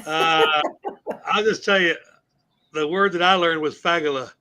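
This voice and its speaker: A man's voice: a little high, fairly even intonation, unhurried, sharp tone. A man in his fifties co-hosting a radio talk show, telling a laughing family story with acted-out quotes. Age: 50s. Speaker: radio co-host. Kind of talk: casual radio chat.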